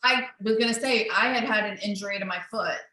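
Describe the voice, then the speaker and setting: A woman's voice: mid-range voice, fast talker, bright, forceful tone, echoey room, recorded from a distance, low-quality recording. A woman hosting a casual interview who chips in with short reactions and her own anecdotes. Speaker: host.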